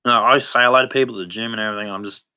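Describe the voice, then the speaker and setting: A man speaking in an unscripted personal monologue, halting and rambling with frequent restarts, sounding weary and despondent. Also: lowish voice, steady tone, sharp tone, smooth. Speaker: livestreamer.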